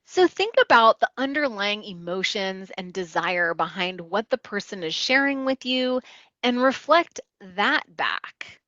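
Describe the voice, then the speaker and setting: A woman coach with a bright, clear voice gives a calm, step-by-step teaching talk on counseling skills. The sound is dry and a little dull. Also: mid-range voice, a little slow, no echo. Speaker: motivational interviewing trainer and wellness coach. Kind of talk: instructional talk.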